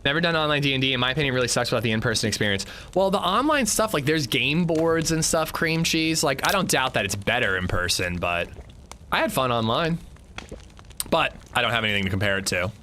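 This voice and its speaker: A male streamer chats with his viewers as he plays, his voice lively and swinging up and down. His tone is bright and forward. Faint game sounds sit behind him. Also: medium pitch, fairly quick, a little hiss or hum. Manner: chatty, answers chat, swears when annoyed. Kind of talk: casual livestream chat while gaming.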